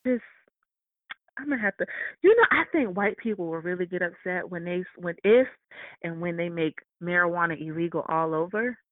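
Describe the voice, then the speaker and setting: A woman co-hosting in casual, profane chat, brash and quick to cackle. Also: on the low side, lively intonation, no room sound. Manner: brash, cackling, loud laughter. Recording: tinny phone-like audio.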